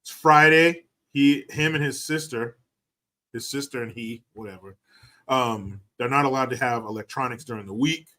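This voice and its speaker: A man's voice: medium pitch, normal speed, sharp tone. A man hosting a livestream and commenting in a mocking, profane, casual way. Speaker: livestream host.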